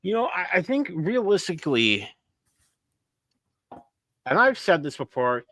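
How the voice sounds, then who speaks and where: A man's voice: a little high, big pitch swings, a little slow, fairly bright tone. A man with a New York accent, a guest on a podcast, sharing blunt, profane opinions. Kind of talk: casual podcast chat.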